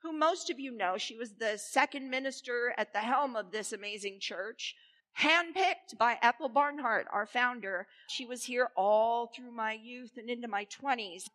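A woman minister giving a sermon in a church, playful and animated as she leads the congregation. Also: a little high, moderate pace. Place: church sanctuary. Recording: reverberant church hall.

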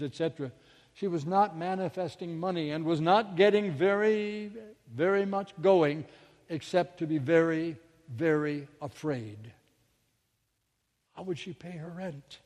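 A man's voice: on the high side, a little mellow, big-room sound. A male minister telling a story in a sermon, dramatic, with sudden drops to near-whispers.

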